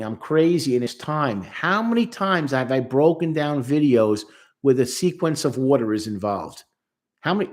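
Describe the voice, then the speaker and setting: A man's voice: a little high, a little mellow. A man working as a therapist, giving an emphatic commentary on a song and acting out lines and voices as he explains. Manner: emphatic, quotes lyrics and acts out voices.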